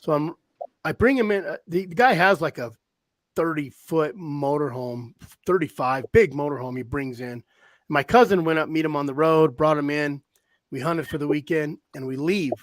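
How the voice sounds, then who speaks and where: A man hosting a casual talk show, telling rambling, animated hunting stories with frequent restarts. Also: a little high, moderate pace, dry recording. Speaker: podcast host, hound hunter. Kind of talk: casual storytelling chat. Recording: dry close-mic sound.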